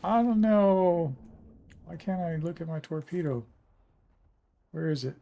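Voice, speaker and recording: A young man talks his way through a naval battle game in an unhurried drawl. His voice sits slightly high, and he mutters and curses under his breath as things go wrong. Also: expressive, gravelly, mellow. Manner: swearing, muttering reactions to the game. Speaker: gaming streamer. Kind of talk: casual gameplay commentary.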